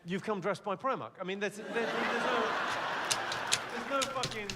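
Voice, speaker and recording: A man's voice: sits high, normal speed, very noisy. A man doing stand-up crowd work at a comedy club, brash and sweary, teasing the audience. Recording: live club, loud crowd laughter.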